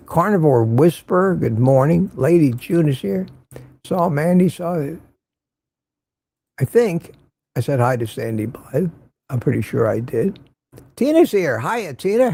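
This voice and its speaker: A man's voice: medium pitch, creaky, dark tone, slightly rough. An older man hosting a casual morning livestream, greeting viewers by name and making wry asides. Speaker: livestream host.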